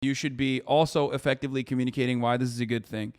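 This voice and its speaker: A man in his thirties giving casual live-stream commentary, blunt, mocking and profane, talking fast in bursts. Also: medium pitch, fairly even intonation, darkish tone, smooth, no echo, studio quality. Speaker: political streamer.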